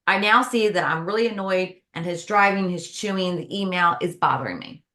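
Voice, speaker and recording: A woman, a podcast guest, giving casual advice on handling stress in a lively way, acting out everyday exchanges as she talks. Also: fairly low pitch, a little fast. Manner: lively, acts out everyday dialogue.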